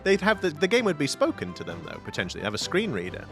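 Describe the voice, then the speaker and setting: A man's voice: on the high side, wildly swooping pitch, fast talker, music in the background. A man hosting a let's play in casual, rambling, jokey chat. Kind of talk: casual chat over a game.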